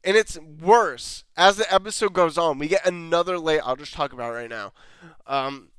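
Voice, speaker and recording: A man's voice: on the high side, moderate pace, fairly bright tone, clean tone, no echo. A man ranting sarcastically in a show review, exasperated and swearing often. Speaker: video reviewer.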